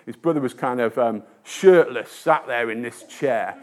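A man's voice: mid-range voice, a little slow, a little mellow. A man preaching a sermon in a conversational storytelling way, with frequent hesitations and restarts and a self-deprecating tone.

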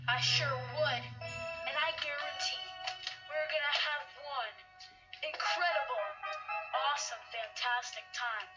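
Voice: high-pitched, unhurried. Actors performing a scene of 1980s sitcom dialogue. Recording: distant, lo-fi TV audio with music.

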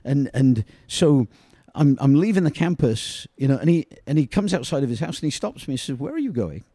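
In studio-quality audio with no echo, a middle-aged British former soccer player tells long anecdotes as an interview guest. His medium-pitched voice is warm with lively intonation, and he rambles, filling every pause with "you know."

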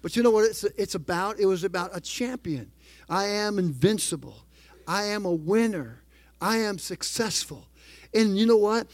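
A man's voice: high-pitched, darkish tone, no echo. A middle-aged man preaching a sermon as pastor, emphatic and calling out to the congregation for responses.

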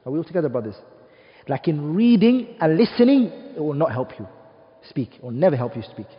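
A man's voice: on the high side, very animated, fairly quick. A man from the UK lecturing an Arabic studies class, emphatic, posing rhetorical questions to the room and dropping Arabic terms into his English. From United Kingdom. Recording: dull, reverberant classroom recording.

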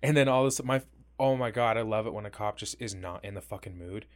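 A man co-hosting a podcast in casual chat, swearing freely and telling stories with quick acted quotes. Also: lowish voice, a crowd in the background. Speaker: podcast co-host.

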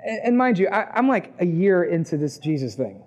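A man, perhaps in his twenties, preaching a sermon with a personal testimony, talking conversationally and rising to loud, emphatic peaks. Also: sits high, sing-song, brisk. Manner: conversational, acts out quoted voices, rises to loud emphatic peaks.

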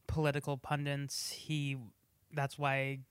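A man's voice: medium pitch, monotone, takes it slowly, fairly bright tone, smooth, dry recording. A man co-hosting a casual movie review, chatty and digressive, full of trivia. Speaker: podcast co-host.

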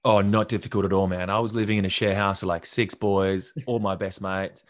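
Animated man, low dry voice. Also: brisk, no room sound. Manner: animated, acts out quotes from others. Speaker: actor guest. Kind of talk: casual interview storytelling.

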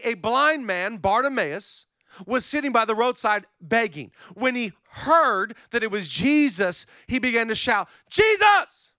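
A male pastor preaching a sermon in an energetic, conversational storytelling manner. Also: high voice, no room sound, studio quality.

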